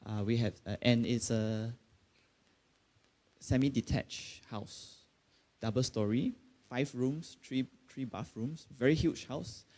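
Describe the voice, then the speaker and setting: A man's voice: mid-range voice, slow pace, pauses often, a little mellow. A middle-aged man with a Malaysian English accent, preaching a sermon in a conversational way, with many fillers and sudden emphatic bursts. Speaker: pastor.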